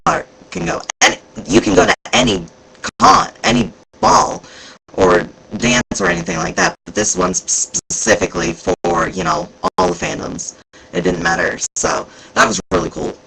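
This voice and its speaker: A man vlogging casually about a convention, rambling and excitable, with plenty of fillers. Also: high-pitched, moderate pace, gravelly, breathy edge, low-quality recording. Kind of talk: casual chat recounting events.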